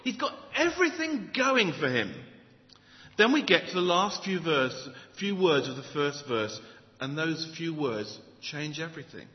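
A man's voice: a little high, a little slow. A man preaching a sermon, opening with a joke and asking the listeners rhetorical questions. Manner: animated storyteller, rhetorical questions. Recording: dull audio in a reverberant hall.

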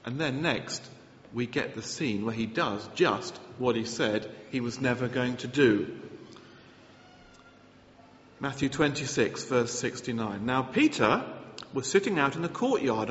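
A man preaching a sermon, earnest and animated, often restarting his phrases. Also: medium pitch, slight background noise. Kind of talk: sermon with Bible reading. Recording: echoey hall, slightly dull sound.

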